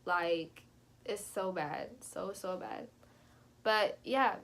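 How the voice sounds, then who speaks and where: A young adult woman telling a personal story in a casual vlog, animated and chatty, leaping up in pitch when she quotes herself. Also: extremely slow. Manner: animated, jumps high when quoting herself; chatty, frequent fillers. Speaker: vlogger.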